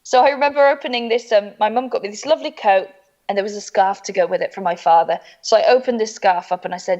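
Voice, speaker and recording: A woman comedian telling a funny personal story, animated and laughing through it, acting out the voices of the people in it. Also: mid-range voice, fast, highs cut off. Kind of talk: comic storytelling.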